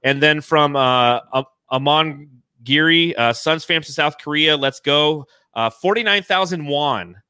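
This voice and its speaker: A man hosting a casual fan podcast, excitedly reading out donations and swearing freely. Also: a little high, measured pace, clear, resonant tone, no echo. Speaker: podcast host.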